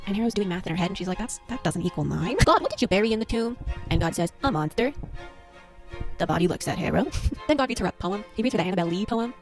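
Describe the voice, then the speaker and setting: A woman rattles through a plot summary at a very fast clip. She lands on dramatic pauses. Faint music plays underneath her. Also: medium pitch, animated. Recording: faint music bed behind.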